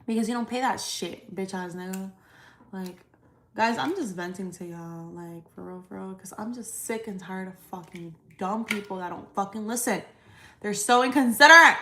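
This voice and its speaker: Her medium-pitched voice is bright and forceful at a moderate pace, with roomy echo around it. As a credit repair business owner hosting a casual livestream, she rants to viewers bluntly and emphatically, swearing plenty.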